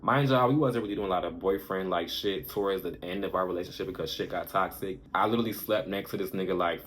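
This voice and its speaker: A man with a low, deep voice tells a personal story to camera in a loose, candid way. He is frank and profane, and he gets animated as he relives the moments. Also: a little hiss or hum. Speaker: storytime vlogger.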